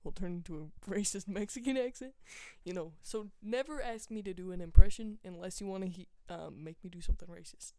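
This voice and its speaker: A man co-hosting a podcast, telling stories in an offhand, deadpan casual way. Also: high-pitched, brisk, hardly any pauses, clean tone, dry recording. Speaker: podcast co-host. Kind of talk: casual chat.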